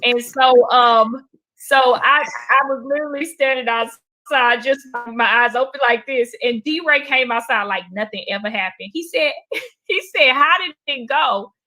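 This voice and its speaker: High, bright-voiced woman comedian. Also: normal speed. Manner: animated, conversational, with frequent fillers and repeats. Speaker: stand-up comedian guest. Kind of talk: casual storytelling in a talk show interview.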